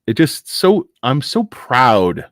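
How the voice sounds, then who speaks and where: A man's voice: medium pitch, sing-song, slow pace, fairly bright tone, dry recording, studio quality. A middle-aged man from the United States rambling emotionally as a stock market YouTuber, swearing and breaking off with fillers and restarts. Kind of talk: casual rambling monologue.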